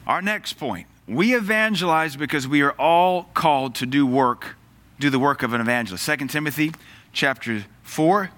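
A man's voice: mid-range voice, a little fast, a bit bright. A man preaching a sermon in an earnest, emphatic way, quoting scripture.

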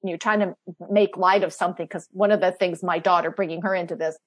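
A woman's voice: fairly low pitch, steady tone, fast. A middle-aged woman hosting a podcast, chatting casually and telling family stories with frequent laughs. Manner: chatty storyteller, laughs often, mimics her own past exclamations. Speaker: podcast host. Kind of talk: casual chat.

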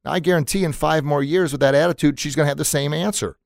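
An earnest male host gives a motivational podcast monologue at a mid pitch. He is energetic and circles back to his points again and again. His voice sounds close and dry, with no room echo. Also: fast, vocal fry.

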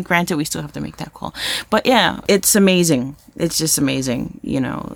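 A woman co-hosting a podcast, chatting casually and telling stories with animated, playful energy. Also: lowish voice, no room sound. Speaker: podcast co-host. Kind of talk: casual chat.

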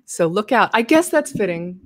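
An American woman hosts a loose, chatty live show. She laughs easily and throws in animated asides. Her voice sits at a middling pitch, recorded close and dry. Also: normal speed, dry recording. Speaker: host. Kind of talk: casual livestream chat.

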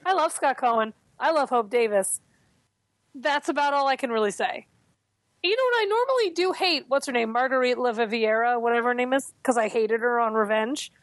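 Woman co-host, higher voice, animated opinions, dry close recording. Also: a little fast, no echo. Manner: animated, opinionated, jumps in pitch. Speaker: podcast co-host. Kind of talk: casual chat.

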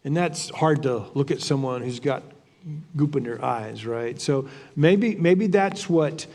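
A man's voice: medium pitch, measured pace, a little mellow, big-room sound. A man giving a conversational Bible teaching, earnest and thinking aloud, often repeating and restarting his words. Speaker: preacher.

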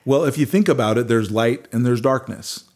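A man's voice: medium pitch, moderate pace, darkish tone. A middle-aged man, a musician guest, talking earnestly in a casual interview, often restarting his sentences. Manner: earnest storyteller with many restarts. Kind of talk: casual conversation.

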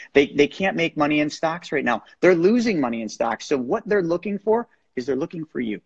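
An energetic, persuasive man coaching listeners like a preacher. His voice is gravelly and a bit husky. The sound is dry and lo-fi, as if it came over a remote call. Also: on the high side, dry recording. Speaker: guest, real estate lender. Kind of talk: motivational coaching talk. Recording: dull lo-fi sound.

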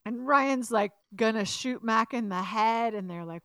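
A woman co-hosting a casual recap podcast, retelling scenes in an animated way and acting out the lines. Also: mid-range voice, normal speed, few pauses, dry recording. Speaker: podcast co-host.

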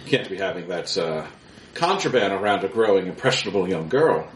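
A smug, cruel villain officer, as a man puts him on, speaks in a silky, mocking tone and turns coldly threatening. His lines swing up and down in pitch. The recording has an echoey room and a faint hiss. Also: expressive, a little fast.

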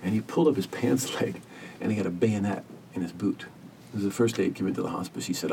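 Gravelly, low-voiced man telling a story. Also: far from the mic, slight background noise. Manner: earnest, gentle, measured storytelling. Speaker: hospice caregiver, podcast guest. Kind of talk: reflective storytelling interview.

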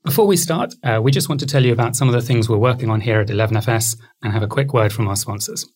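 A man's voice: medium pitch, fast, a little mellow. A man hosting a podcast, friendly and self-deprecating, with a few fillers. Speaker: podcast host.

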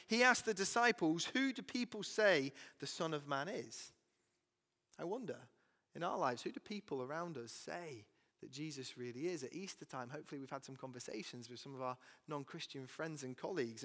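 A man preaching a sermon as pastor, reading scripture with pauses and adding personal asides. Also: fairly high pitch, bright, forceful tone, in a large hall.

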